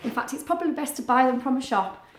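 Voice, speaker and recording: A woman's voice: high-pitched, lively intonation, fast. A woman reading a picture book aloud to children, chatting playfully with a puppet between pages. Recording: roomy echo.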